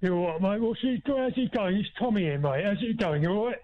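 A man doing a blustering loud caller on a tinny line. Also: sits high, animated, fast, pitched above the performer's own voice. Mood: chummy. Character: brash young male caller called Tommy. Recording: tinny phone-line sound.

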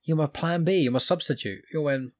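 A man's voice: a little high, brisk. A young man hosting a podcast in a casual, rambling chat full of restarts. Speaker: podcast host.

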